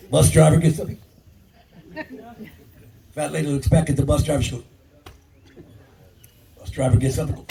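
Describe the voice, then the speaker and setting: A man's voice: fairly high pitch, gravelly. An older man doing a stand-up comedy set, crude and brash, talking straight to the crowd. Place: live comedy club. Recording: distant mic, loud crowd laughter.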